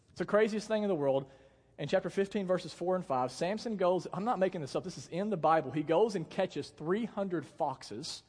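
Young male pastor, high voice, casual jokey sermon delivery, church hall with long reverb. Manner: casual, joking storytelling with acted-out quotes.

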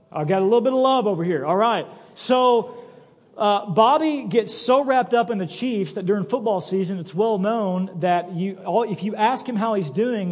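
High-voiced pastor preaching in a reverberant church. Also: male voice. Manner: animated storytelling, acts out quoted voices. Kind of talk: sermon. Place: church sanctuary. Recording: church sanctuary with long reverb.

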